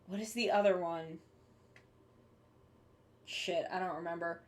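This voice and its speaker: A woman's voice: fairly low pitch, steady tone, a little slow. A young woman streaming live, chatting casually with her viewers while she draws, rambling and swearing offhandedly.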